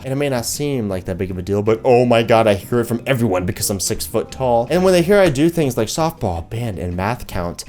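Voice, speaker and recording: A young man hosting a comedy video, reading out viewer comments and reacting with sarcastic, animated commentary. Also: fairly low pitch, a little fast, few pauses. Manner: animated, sarcastic, jumps into mocking voices. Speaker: YouTube host reading comments.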